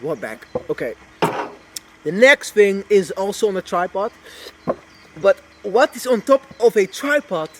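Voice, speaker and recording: A man's voice: high voice, expressive, a little slow, long pauses. A young man, a wildlife filmmaker, chatting casually about his camera gear, restarting and repeating phrases as he goes. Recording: faint background noise.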